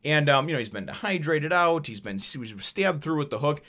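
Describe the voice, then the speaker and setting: A man's voice: fairly high pitch, lively intonation, brisk, fairly bright tone. A man reviewing a manga chapter in casual, rambling talk, full of fillers, curses and chuckles. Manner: rambling, profane, many fillers and laughs. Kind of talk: casual chat.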